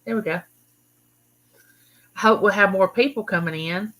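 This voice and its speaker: Speaking at a moderate pace, the woman has a medium pitch and a fairly bright tone, captured on a low-quality recording. A middle-aged Mississippian with a Southern accent, she runs a casual live chat on her YouTube channel, calling out viewers by name.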